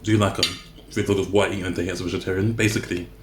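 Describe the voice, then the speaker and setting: A man with a low, steady voice talks to the camera at a racing pace while eating, rambling casually and often correcting himself mid-sentence in a chatty vlog. The room is echoey and the background is noisy.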